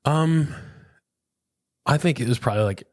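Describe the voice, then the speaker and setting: A man's voice: mid-range voice, moderate pace, a little mellow, no room sound, clean studio sound. A man in his thirties, a pastor, talking earnestly and reflectively in a casual interview, often saying "man" and "dude". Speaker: pastor, podcast guest.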